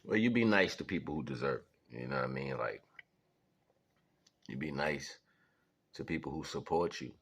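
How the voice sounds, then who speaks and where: A man's voice: very deep voice, animated, moderate pace, creaky, long pauses, a bit bright, breathy edge. A man talking casually and rambling through life lessons and stories, laughing often and acting out voices. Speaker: vlogger sharing life lessons. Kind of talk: casual storytelling monologue.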